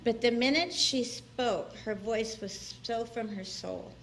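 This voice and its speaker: Her voice sits on the high side and moves slowly, with a bit of background noise. She is a guest minister in a church sanctuary, offering a personal, conversational sermon full of laughter and acted-out quotes.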